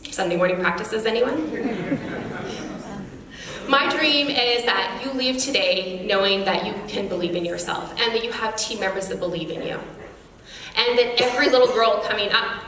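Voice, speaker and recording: A woman's voice: medium pitch, fairly bright tone. Woman giving an earnest speech in an echoey hall. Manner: earnest, encouraging, addresses the audience directly. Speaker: guest speaker at a girls' sports awards. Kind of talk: motivational speech to an audience.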